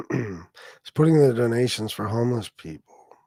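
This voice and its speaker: A man's voice: on the low side, animated, takes it slowly, creaky, warm tone, breathy edge, dry recording, studio quality. A man hosting a livestream, ranting at people in a heated, sarcastic, profane way. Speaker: livestream host.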